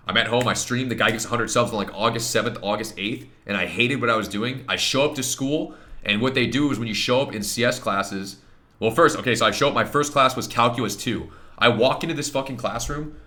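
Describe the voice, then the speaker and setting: A man's voice: mid-range voice, pushed and bright. Blunt, swearing young man ranting. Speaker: streamer. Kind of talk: casual storytelling on stream. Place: home streaming setup.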